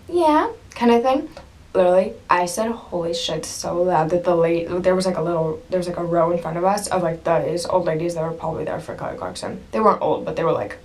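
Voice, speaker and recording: A woman's voice: lowish voice, darkish tone. A young woman vlogging to camera at home, gushing and breathless as she tells a story, with bursts of laughter and sudden drops to a whisper. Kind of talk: casual excited storytelling to camera.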